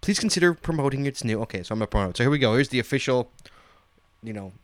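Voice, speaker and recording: A man's voice: mid-range voice, lively intonation, rapid-fire. A man hosting a radio show in casual banter, reading an announcement aloud with joking asides. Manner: joking, reads press release aloud with asides.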